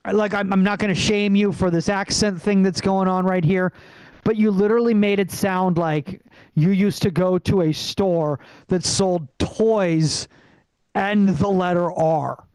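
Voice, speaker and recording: A man doing a rambling stand-up set over a video call, pausing often with ums and uhs. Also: high voice, steady tone, a little mellow, clean tone, no echo, low-quality recording. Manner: rambling, halting delivery with many fillers. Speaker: stand-up comedian.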